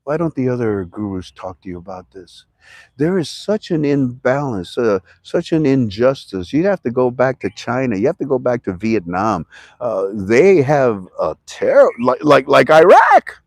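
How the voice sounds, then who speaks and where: A man from Ohio, talking to camera about currency in a rambling, animated way and sometimes shouting for emphasis. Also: medium pitch, moderate pace, no room sound, clean studio sound. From Toledo, Ohio. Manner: animated, shouts for emphasis, talks to himself in two voices. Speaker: currency commentary vlogger. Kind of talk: casual rambling talk to camera.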